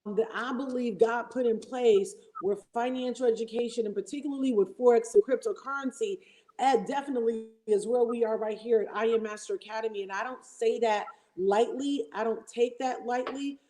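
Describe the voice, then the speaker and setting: Woman guest on a livestream, mellow dark voice, enthusiastic, kinda preachy. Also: fairly high pitch, fairly even intonation, normal speed, poor audio. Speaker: guest co-host. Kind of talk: casual livestream chat.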